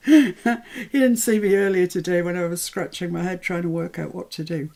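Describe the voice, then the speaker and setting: A woman's voice: on the low side, a little fast, gravelly, dark tone. An English woman hosting a live craft tutorial, chatting and thinking aloud as she works, with self-deprecating asides. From England.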